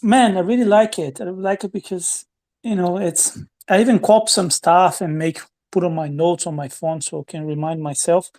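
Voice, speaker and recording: A man's voice: high-pitched, fairly even intonation, moderate pace, a little mellow. A man calling in to chat, friendly and rambling. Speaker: caller. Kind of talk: casual call-in chat.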